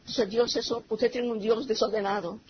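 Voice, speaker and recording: A woman's voice: fairly high pitch, fairly even intonation, a little fast, slightly rough. A middle-aged woman, a native Spanish speaker with a Spanish accent, giving a church testimony in broken English and slipping into Spanish as she tells her story. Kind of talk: personal testimony. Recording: slightly muffled recording with faint noise.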